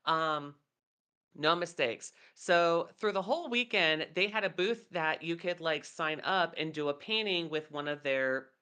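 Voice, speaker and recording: A woman's voice: low voice, measured pace, sharp tone, clean tone. A woman co-hosting a podcast, telling rambling stories in casual chat, full of fillers. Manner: rambling storyteller, many fillers. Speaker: podcast co-host.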